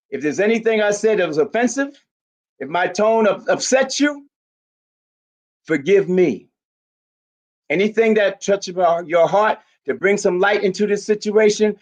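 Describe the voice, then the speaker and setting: This is an elderly man in his eighties delivering a fiery speech at a community rally. His voice sits notably high for a man. He is forceful and emphatic, and he often rises to a shout. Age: 80s. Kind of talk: impassioned public speech.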